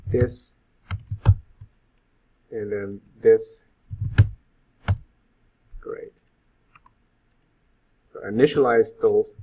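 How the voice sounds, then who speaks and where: A male web instructor giving an informal live coding lecture, thinking aloud with frequent fillers. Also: fairly low pitch. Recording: phone-like lo-fi sound.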